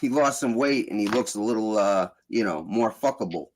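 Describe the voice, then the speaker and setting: A man hosting a casual group voice chat, ranting in a profane, animated way. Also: on the low side, normal speed, a little hiss or hum. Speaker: host.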